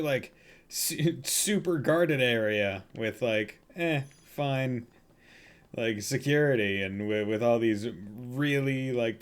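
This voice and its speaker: A man's voice: mid-range voice, a bit bright. A young man casually commenting on his gameplay as a streamer, rambling and joking with lots of filler words. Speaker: gaming streamer. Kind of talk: casual let's-play commentary.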